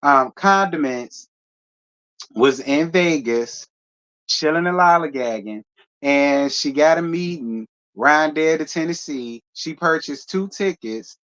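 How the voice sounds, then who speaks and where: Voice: medium pitch, expressive, takes it slowly, fairly bright tone, lo-fi sound. A host recapping a story in casual, chatty gossip commentary.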